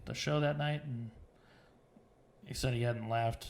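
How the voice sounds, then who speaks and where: A man's voice: medium pitch, steady tone, unhurried, vocal fry, reverberant, a little hiss or hum. A man hosting a podcast in casual chat, joking and laughing between his words. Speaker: podcast host.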